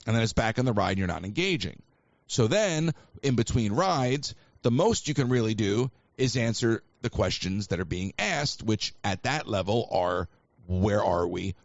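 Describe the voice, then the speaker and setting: A man's voice: medium pitch, animated, normal speed, no room sound. Rambling male call-in host, dry and dull. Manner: rambling, self-mocking, chatty. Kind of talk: live call-in chat. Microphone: livestream mic.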